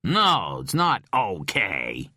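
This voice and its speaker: A man voicing a young female police officer who delivers news briskly and matter-of-factly in an audiobook. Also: lowish voice, huge pitch swings, sharp tone, no echo, studio quality, voice pushed up, exaggerated voice.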